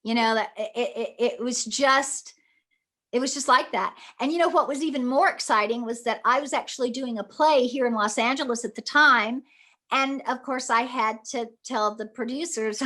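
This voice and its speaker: Bright high-voiced actress. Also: female voice, moderate pace. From Mississippi. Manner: animated storyteller, laughs often. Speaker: guest actress. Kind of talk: casual interview recollection.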